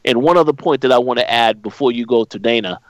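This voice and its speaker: A man offering his opinion in a relaxed recap chat, measured and full of small fillers. His voice sits at a middle pitch, recorded dry and close with no room sound. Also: no echo, rough recording. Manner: measured, frequent fillers and restarts. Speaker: podcast co-host.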